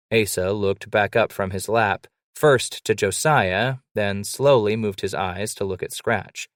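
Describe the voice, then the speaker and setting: A man reading an audiobook aloud in a slow, measured storytelling manner. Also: lowish voice, fairly even intonation, no echo, clean studio sound. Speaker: audiobook narrator. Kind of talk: scripted narration.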